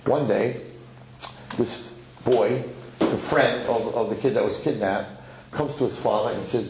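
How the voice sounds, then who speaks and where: A rabbi giving a sermon, telling a parable in an animated storytelling manner with some Yiddish words, in an echoey lecture hall. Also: male voice, medium pitch, a little slow, a little hiss or hum. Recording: echoey hall, faint ambience.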